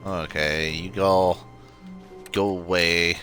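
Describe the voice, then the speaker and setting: A man's voice: sits low, flat delivery, slow pace, sharp tone, soft background music. A man streaming a video game, muttering commentary to himself, with occasional swearing and sudden outbursts. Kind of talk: gameplay commentary.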